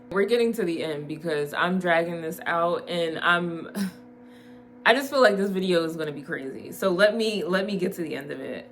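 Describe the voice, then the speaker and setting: A woman's voice: on the low side, moderate pace, a little hiss or hum. Candid young woman telling a dating story. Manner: candid, animated storytelling, laughs often, swears. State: tired, late at night. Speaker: vlogger. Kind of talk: late-night storytime vlog.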